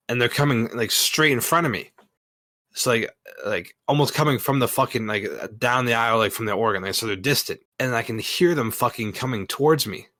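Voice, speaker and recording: A man's voice: fairly low pitch, no echo. A man casually retelling a story, full of swearing and fillers. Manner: profane, filler-heavy, animated retelling.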